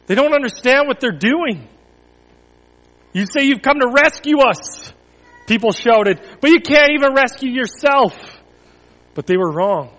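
Man with a high voice in a reverberant church hall. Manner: expressive storytelling, dramatic pauses, drops to near whisper. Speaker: pastor. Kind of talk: children's story reading then church announcements.

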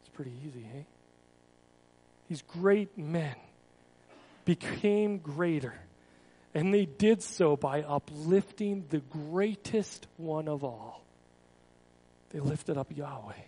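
High-voiced casual preaching man. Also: animated, slow pace, long pauses, dark tone, slightly rough, poor audio. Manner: casual, repeats words, asks the congregation questions. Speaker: pastor. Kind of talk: conversational sermon.

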